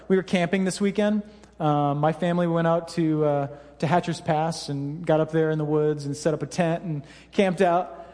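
A man's voice: high-pitched, darkish tone. A man in his thirties preaching a sermon to a church congregation, telling stories in a conversational, self-deprecating way with lots of fillers. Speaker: pastor. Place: church hall. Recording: reverberant church hall.

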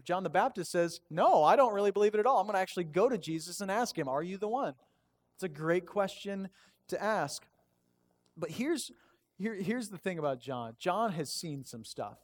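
A man pastor giving a conversational, animated sermon and reading scripture aloud. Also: high-pitched.

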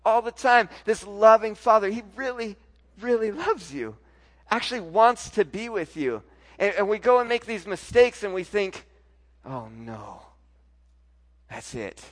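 A pastor preaching a sermon, telling a personal story, moving from soft, intimate lines to loud, emphatic ones. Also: male voice, high voice, moderate pace.

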